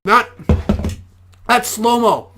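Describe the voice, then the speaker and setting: A man's voice: very high-pitched, very slow, over music. A man, an amateur boxer, giving casual reaction commentary and explaining boxing technique step by step.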